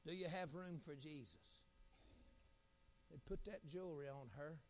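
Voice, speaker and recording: A middle-aged man, an evangelist preaching a sermon, telling folksy stories and building to loud, shouted appeals. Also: on the high side, moderate pace, a little hiss or hum.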